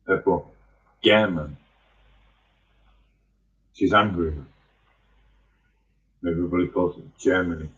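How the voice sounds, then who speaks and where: A man's voice: sits low, takes it slowly, long pauses, a bit bright, distant mic, highs cut off. A man in a rambling, profane, angry monologue. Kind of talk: ranting monologue.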